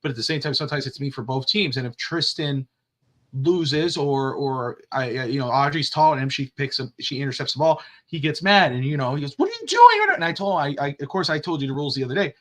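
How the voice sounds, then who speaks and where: A man's voice: medium pitch, fast. A middle-aged man co-hosting a casual sports talk show, telling stories and acting out what people said. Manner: animated storyteller, acts out quotes. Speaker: podcast co-host.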